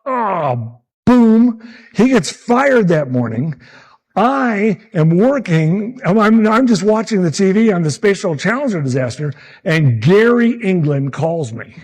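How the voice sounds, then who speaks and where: A man in his sixties, a meteorologist telling animated stories about his early career and acting out the people he quotes. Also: high voice, measured pace, husky. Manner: animated anecdotes, acts out quotes. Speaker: meteorologist speaker at a summit. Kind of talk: storytelling talk.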